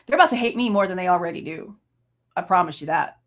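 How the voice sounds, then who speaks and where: A woman's voice: on the low side, lively intonation, fast talker, fairly bright tone. A woman in her late thirties, hosting a true crime channel, ranting with heated, profane exasperation. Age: late 30s. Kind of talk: angry reaction rant.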